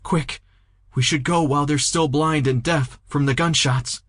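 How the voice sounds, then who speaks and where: A man's voice: a little high, steady tone, unhurried, a bit bright, no room sound, studio quality, voice pushed up. A man voicing a young woman in an audiobook, urgent and determined as she pushes her frightened companion to flee. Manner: urgent, pushing. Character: young woman, determined protector under pressure.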